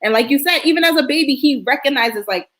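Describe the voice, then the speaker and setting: A woman's voice: high-pitched, lively intonation, quick pace, fairly bright tone. A woman speaking earnestly and reflectively on a casual panel discussion, with frequent "like" and "you know". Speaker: panel host.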